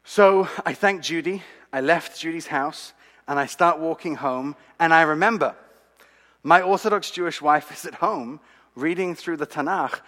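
A man's voice: a little high, moderate pace. Man telling a testimony in a reverberant hall. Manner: animated, dramatic storytelling with asides to the audience. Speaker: speaker giving a testimony. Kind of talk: sermon-style storytelling.

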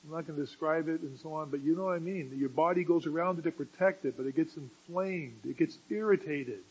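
Husky-voiced man preaching a sermon. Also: fairly high pitch, fairly quick, rough recording. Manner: dynamic preaching, swings from quiet to loud emphasis.

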